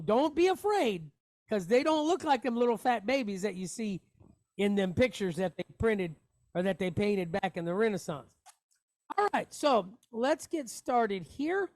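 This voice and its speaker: A man's voice: very high-pitched, no echo. A man teaching a Hebrew reading lesson online, patiently spelling out letters and vowels with jokey asides. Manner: patient, explains step by step with asides.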